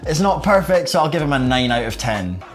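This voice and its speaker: A young Scottish man hosting a reaction video in a chatty, frank voice. His pitch sits slightly high. Faint music plays underneath. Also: very animated, brisk. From Scotland. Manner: chatty, frank, judging and scoring. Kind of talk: casual reaction commentary.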